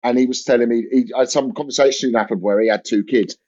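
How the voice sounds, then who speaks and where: A man's voice: mid-range voice, fairly even intonation, quick pace, darkish tone. A young man, a comedian, telling an anecdote in casual podcast chat, rambling with lots of fillers and restarts. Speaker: comedian guest. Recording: dull lo-fi audio.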